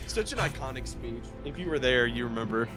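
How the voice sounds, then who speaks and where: Male co-host, joking and laughing, mid-pitched, faint music underneath. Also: expressive, normal speed, a bit bright. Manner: joking, laughing, mock-serious. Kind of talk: casual reaction commentary.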